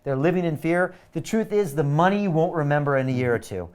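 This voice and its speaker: A man with a slightly high, clean-toned voice talks fast as he hosts a live webinar. He's selling a course, and his pitch is energetic, urgent and pushy as he emphatically presses viewers to sign up.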